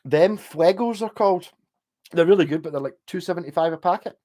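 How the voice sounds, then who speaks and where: A man's voice: high-pitched, brisk, warm tone. A Scottish man livestreaming, chatting casually with viewers in a loose, digressive way, swearing often. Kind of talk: casual rambling chat.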